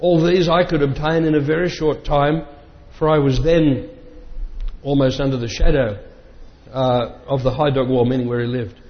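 A man's voice: medium pitch, steady tone. Man reading a memoir aloud in a reverberant hall. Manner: measured reading voice, breaks off for plain remarks. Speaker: reader. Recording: dull lo-fi sound with long reverb.

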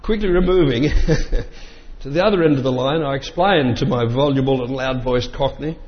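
A man reading an old memoir aloud in a measured voice, breaking off now and then for plain asides. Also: mid-range voice. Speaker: reader. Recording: dull lo-fi sound with long reverb.

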